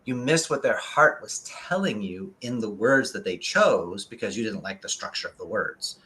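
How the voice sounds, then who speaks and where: A man who is a guest consultant on a live talk show, speaking with excitement and drive, racing ahead and then deliberately slowing down to press his points. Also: fairly low pitch.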